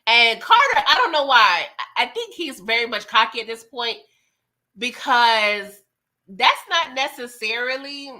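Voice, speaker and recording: Bright-voiced chatty woman recapping a show. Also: a little high, expressive, measured pace. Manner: chatty, laughs often, retells scenes in quoted voices. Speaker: TV recap host. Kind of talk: casual live recap.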